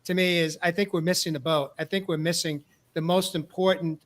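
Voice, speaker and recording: A man's voice: a little high, fairly even intonation, fairly quick. A male host talking earnestly in a casual discussion, often repeating words as he starts a thought. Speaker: podcast host. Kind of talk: casual talk show discussion.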